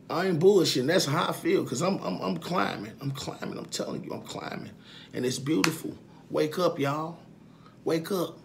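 A man vlogging to his followers in a casual monologue, emphatic and profane, repeating his points and swinging from quiet confessions to loud outbursts. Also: on the high side, vocal fry, a little hiss or hum.

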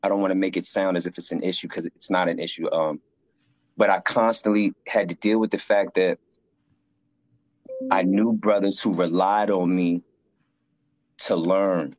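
Animated low-voiced man telling stories. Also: moderate pace, pauses often, dry recording, muffled recording. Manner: animated storyteller, acts out quoted voices, frequent fillers. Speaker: guest sharing life story. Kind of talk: casual conversation.

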